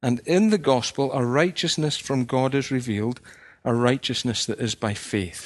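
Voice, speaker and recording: Man, preacher, mid-pitched voice, measured sermon, rhetorical questions.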